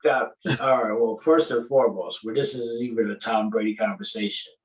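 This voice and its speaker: A man's voice: fairly low pitch, fairly even intonation, a little fast, low-quality recording. A man with a Southern Atlanta accent hosting a casual podcast chat, teasing and repeating himself as he jokes. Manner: joking, teasing, repeats words. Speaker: podcast host.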